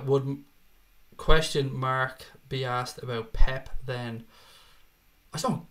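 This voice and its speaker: A man's voice: a little high, a bit bright. A man with an Irish accent hosting a casual live stream, reading out viewer comments and chatting back with jokes and swearing. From Ireland. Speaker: host reading live chat.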